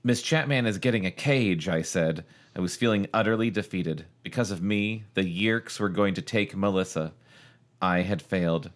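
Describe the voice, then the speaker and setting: A man with a somewhat low voice reads a novel aloud on a casual podcast. He leans into the villain's threats and slips jokes in between. The tone is loose and playful. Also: moderate pace. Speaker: podcast co-host reading aloud. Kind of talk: casual read-aloud with acted villain lines.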